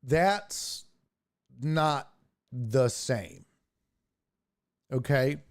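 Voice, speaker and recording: A man's voice: medium pitch, lively intonation, very slow. Ranting male sports talk host. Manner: profane, ranting, restarts often. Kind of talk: casual livestream sports talk.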